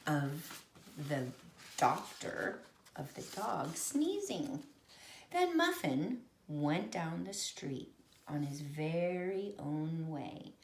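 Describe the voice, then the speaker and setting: A woman reading a storybook aloud to children at home, slow and playful, making the sound effects herself. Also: low-pitched, lively intonation, a little hiss or hum. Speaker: storybook reader and teacher. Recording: echoey room.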